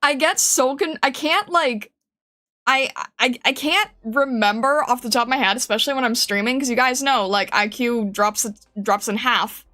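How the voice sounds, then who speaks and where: A woman's voice: a little high, moderate pace, bright, forceful tone. A woman streamer chatting casually with her viewers, giggling often and rambling with many restarts. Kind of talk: casual live-stream chat.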